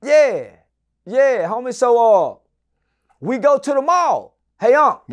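A man's voice: very high-pitched, big pitch swings, slow. A middle-aged man telling a long story as an interview guest, cursing freely and acting out the people he quotes. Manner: profane, loud, acts out the people in his story. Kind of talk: animated storytelling in a casual interview.

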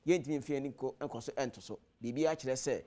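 A man's voice: mid-range voice, fast, mellow. A man with a Ghanaian accent, a clergyman guest on a studio panel, speaking firmly and defiantly in Twi and English and reaching for proverbs. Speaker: clergyman guest addressed as Father.

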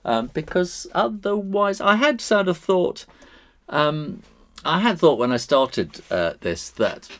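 A man's voice: on the high side, big pitch swings, takes it slowly, a bit bright. A man hosting a live drawing stream, chatting with viewers as he works. He talks in a rambling way, chuckles often and uses many fillers.

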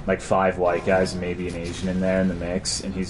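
A man's voice: low voice, monotone, brisk, slight background noise. A man streaming a game, chatting casually and crudely as he reads and answers his chat.

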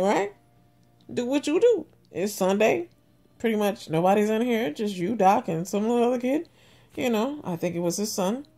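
A woman vlogger, telling a story to her viewers in a casual, animated way and swearing freely. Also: on the high side, moderate pace, vocal fry.

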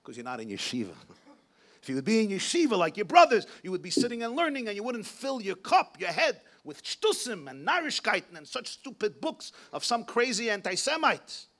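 Man doing a strict old dad, scolding and dismissive, pitch jumping all over, sharp bright tone. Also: big pitch swings, a little fast, exaggerated voice. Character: stern pious old father scolding his son.

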